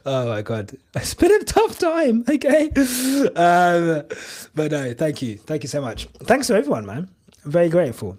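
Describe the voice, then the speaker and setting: A man's voice: fairly high pitch, huge pitch swings, slow, long pauses, a little mellow. A young man hosting a live stream, chatting casually and emotionally in a rambling way with lots of fillers. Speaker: podcast host streaming live.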